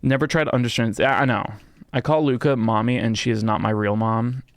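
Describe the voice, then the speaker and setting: A man's voice: medium pitch, steady tone, brisk, no echo, clean studio sound. A young man live-streaming, chatting casually with viewers, swearing a lot and mock-scolding his pet.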